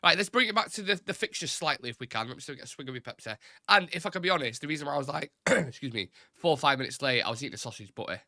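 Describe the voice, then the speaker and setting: A man's voice: on the high side, expressive, racing, sharp tone, dry recording, clean studio sound. A man hosting a live fan stream, chatting casually and reading out viewer comments in a rambling, self-deprecating way. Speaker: host of a live fan show.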